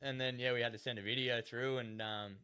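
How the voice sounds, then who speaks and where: A man's voice: mid-range voice, steady tone, fairly quick, bright, forceful tone, smooth. An Australian man chatting as a podcast guest, rambling through stories, laughing often and acting out what others said. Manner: rambling, laughs often, acts out quoted voices. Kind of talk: casual storytelling chat.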